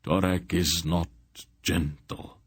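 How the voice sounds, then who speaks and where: A tormented old sorcerer in a storybook, broken and full of despair, as a man reads him. His voice is deep and husky, and his slow lament comes close to sobbing. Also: flat delivery, no echo, exaggerated voice.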